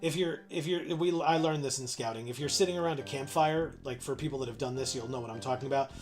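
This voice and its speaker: A man's voice: mid-range voice, quick pace, soft background music. A man streaming a video game, chatting casually and muttering encouragement to himself while he plays, poking fun at his own mistakes. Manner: muttering self-encouragement, self-mocking. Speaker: co-host playing the game. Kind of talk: casual livestream chat while playing.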